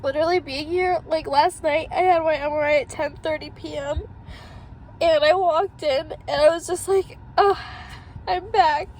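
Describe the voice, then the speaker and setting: A woman's voice: high-pitched, steady tone, normal speed, darkish tone, a little hiss or hum, poor audio. A young woman vlogging from a parked car, crying and laughing through her tears as she talks. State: tearful, crying. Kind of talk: emotional personal vlog.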